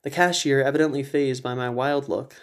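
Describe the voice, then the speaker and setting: A man reading his own comedy short story aloud in a measured storytelling manner. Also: mid-range voice, fairly even intonation. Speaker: reader, author.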